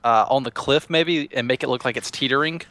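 A man's voice: medium pitch, a little fast, pushed and bright. A man casually showing a Minecraft server to a friend, rambling and restarting his sentences. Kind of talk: casual gameplay chat.

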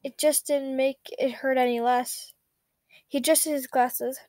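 High-voiced woman reading a story aloud. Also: a little slow, no echo. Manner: steady, plain reading with small slips and self-corrections. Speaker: fanfiction reader.

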